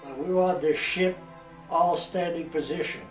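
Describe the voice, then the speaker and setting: Brief: older male veteran, slightly high voice, halting oral-history telling, recorded far off in an echoey room. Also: fairly even intonation, faint music behind. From New Hampshire, USA. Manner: plain, halting storytelling with restarts. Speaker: war veteran interviewee. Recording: echoey room, mic far off, some noise.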